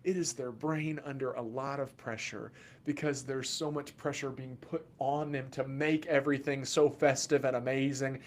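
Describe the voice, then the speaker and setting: A man, a children's mental health therapist, giving casual educational talk to camera in an animated, joking way with sudden loud asides. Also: medium pitch, moderate pace.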